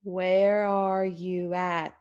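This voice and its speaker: A woman in a voice therapy session, reading short practice phrases carefully and deliberately. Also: on the low side, little pitch movement, darkish tone, dull audio. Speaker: voice therapy client.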